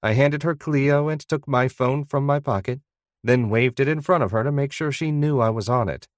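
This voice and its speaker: A man narrating a first-person novel audiobook in a steady, even storytelling manner. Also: mid-range voice, normal speed, no room sound, studio quality.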